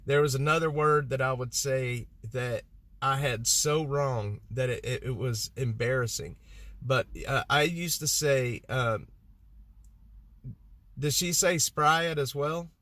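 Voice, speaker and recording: A man's voice: medium pitch, slow pace, pushed and bright. A man from Texas, chatting casually to his live-stream audience, rambling and poking fun at himself. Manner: rambling, self-mocking, talks to chat. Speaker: livestreamer.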